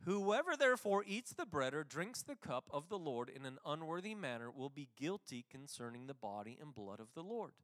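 Guy preaching with a pretty high voice, chatty, lots of restarts and asides. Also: big pitch swings, fairly bright tone. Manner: conversational, with restarts and quick asides. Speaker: pastor. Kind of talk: sermon.

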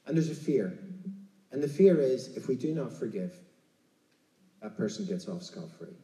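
A man's voice: mid-range voice, lively intonation, normal speed, dark tone, recorded from a distance. An Irish man preaching a casual, conversational sermon, chatty and often checking in with "right?". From Ireland. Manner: chatty, keeps asking "right?". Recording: roomy, from off mic.

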